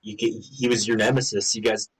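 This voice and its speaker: A man's voice: on the low side, level tone, fairly quick, slightly rough, low-quality recording. A man in casual conversation with friends, swearing freely, laughing often and mimicking friends as he tells stories. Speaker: co-host of a gaming channel. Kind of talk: casual memorial chat among friends.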